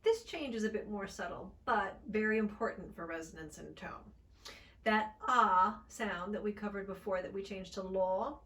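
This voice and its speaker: A woman speech coach giving an accent lesson, with upbeat, encouraging delivery and crisp, deliberate articulation. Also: medium pitch, fairly bright tone, far from the mic.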